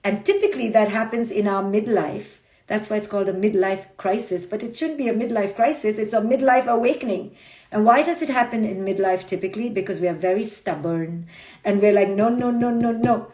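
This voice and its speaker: A woman psychologist giving a brisk, blunt motivational talk on a phone livestream, acting out people's inner voices as she goes. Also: medium pitch, darkish tone. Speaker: clinical psychologist and author. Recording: roomy echo.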